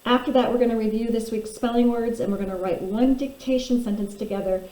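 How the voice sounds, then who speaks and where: A woman teaching a phonics lesson, slowly and deliberately sounding out letters and syllables. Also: on the high side, steady tone, dark tone. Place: room at a desk. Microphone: camera pointed at desk. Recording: echoey room.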